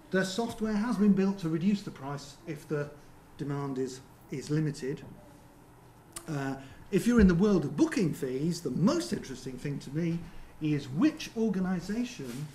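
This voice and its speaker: A man with a fairly high voice presents at a seminar, talking loosely with lots of ums and asides to the room. He is recorded in a roomy venue with a faint hum behind him. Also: a little mellow. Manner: conversational, frequent ums and rhetorical checks. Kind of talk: conference presentation.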